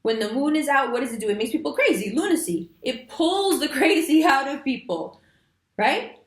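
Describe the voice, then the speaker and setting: A woman reads the month's horoscope with a fairly high, lively voice. She talks directly and emphatically to her viewers and slips into casual slang. The room around her gives back a clear echo. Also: normal speed. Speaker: astrology reader. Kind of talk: monthly horoscope reading to camera.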